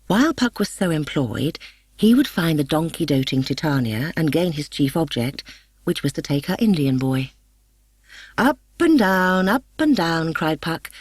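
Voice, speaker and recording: A woman narrates a classic tale in a measured, expressive storybook manner. Her voice sits low for a woman, and the recording is dry and close with no room sound. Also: breathy edge, no echo. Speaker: audiobook narrator.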